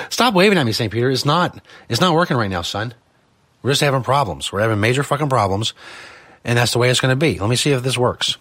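A man's voice: mid-range voice, animated, quick pace, fairly bright tone, dry recording. A man hosting a live studio show, talking casually in a profane, exasperated ranting manner. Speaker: podcast host.

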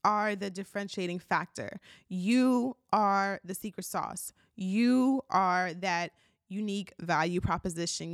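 A woman hosts her own motivational podcast, speaking directly and encouragingly to her listener. Her voice cracks at times, and she keeps checking in with a friendly "okay?". The sound is dry and close, with a mid-range pitch. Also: steady tone, measured pace, no echo. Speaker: podcast host. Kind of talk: motivational solo podcast talk.

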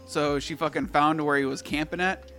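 A man's voice: fairly high pitch, steady tone, normal speed, a bit bright, faint music behind. A man telling a rambling story in casual chat, full of swearing and fillers. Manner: rambling, profane, filler-heavy.

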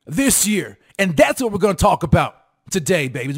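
Energetic male sports show host with a high-pitched voice, talks straight to the fans and repeats lines for punch. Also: moderate pace, husky. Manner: hyped, repetitive, sing-song emphasis, calls out to audience. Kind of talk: fired-up sports commentary to fans.

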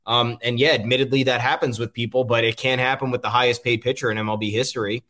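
A man's voice: medium pitch, level tone, fast, pushed and bright. Rambling male sports podcast host. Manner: rambling, frequent ums, frustrated. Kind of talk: casual sports commentary.

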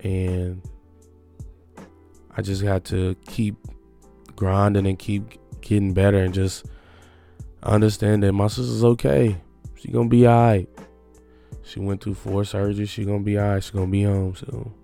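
A young man making a personal confession in a halting, reflective way, often restarting his sentences. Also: on the low side, flat delivery, creaky, warm tone, faint music behind.

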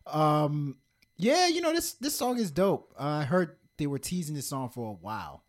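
A man's voice: on the high side, normal speed. A young man from Washington, D.C., co-hosting a podcast, joking and teasing while reviewing songs. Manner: animated, joking, playful teasing. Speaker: podcast co-host. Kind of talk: casual music review chat.

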